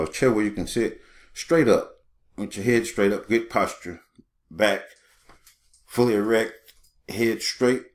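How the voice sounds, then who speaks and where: A man with a very low voice talks loosely and unscripted, circling back with repeated "you know"s as he guides listeners through a meditation exercise. His delivery is conversational and meandering. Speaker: small channel host teaching meditation. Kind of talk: unscripted spoken guidance.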